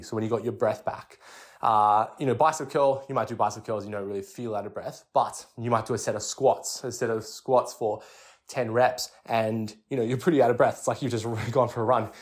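A man's voice: medium pitch, fairly quick. Chatty fitness podcast host, man. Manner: chatty, with many restarts and "like" fillers. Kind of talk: casual fitness explainer.

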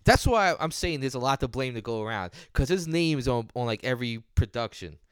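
Laid-back male co-host, smooth mid-pitched voice, casual and agreeable. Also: expressive, brisk, no echo. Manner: easygoing, agreeable, laughs along. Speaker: podcast co-host reviewing an album. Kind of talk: casual chat.

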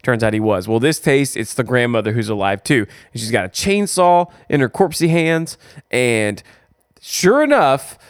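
A man's voice: mid-range voice, expressive, clean tone, dry recording, clean studio sound. A man, co-hosting a podcast, casually recapping a movie's plot and laughing often. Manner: laughs often, rushes when summarizing. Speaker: podcast co-host.

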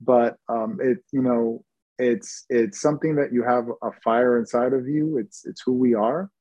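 A man guest talking in a relaxed, easygoing way in an interview, with lots of ums and restarts. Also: medium pitch, normal speed, no room sound, rough recording. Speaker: guest, TV host and founder. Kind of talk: casual interview chat.

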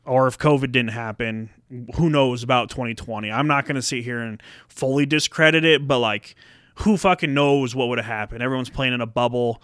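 A man co-hosting a casual sports chat, animated and swearing freely as he acts out what players said. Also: medium pitch, fairly quick, smooth, no echo, studio quality. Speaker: podcast co-host.

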